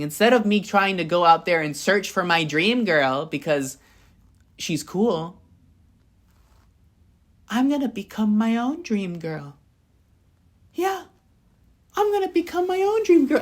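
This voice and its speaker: A young adult woman talking straight to camera in a casual motivational monologue, mid-pitched and full of profanity. She drives her points home by repeating them and jumps between bright high bursts and low, muttered asides. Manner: blunt and profane, emphatic repetitions. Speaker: vlogger.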